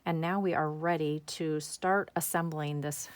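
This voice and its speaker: A woman's voice: low voice, fairly even intonation, a little slow, smooth. A woman hosting a craft tutorial, chatting enthusiastically as she works step by step and talking to herself. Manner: chatty, enthusiastic, talks to herself while working. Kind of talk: casual step-by-step craft demonstration.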